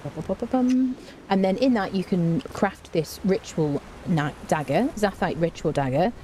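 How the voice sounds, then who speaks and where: A woman's voice: lowish voice, expressive, normal speed, mellow, a little hiss or hum. A woman streaming a game, giving chatty live commentary, talking to her chat and humming to herself as she plays.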